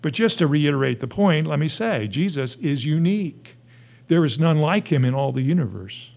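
A man preaching a sermon as pastor, earnest, building to emphatic high points and dropping to soft, hushed lines. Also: expressive, brisk, vocal fry.

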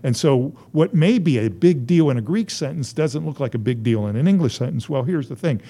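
A man's voice: mid-range voice, expressive, a little fast, dark tone. A man preaching a sermon as a pastor, driving his points home through emphatic, rising repetition.

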